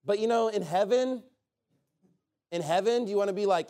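A man's voice: high voice, moderate pace, mellow. Sarcastic preacher man with a raised voice. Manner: sarcastic, rambling, with joking asides. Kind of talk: informal sermon.

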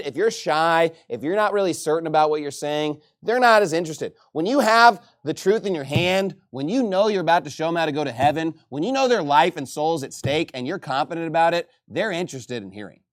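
A man from Texas preaching a sermon in a lively, joking and emphatic way. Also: on the high side, a little fast, few pauses.

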